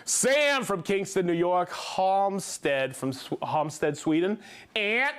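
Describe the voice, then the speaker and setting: A man hosting a live stream, reading viewers' names and hometowns with upbeat excitement and frequent whoops. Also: high-pitched, slow, clean tone. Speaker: livestream host. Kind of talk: live stream shout-outs.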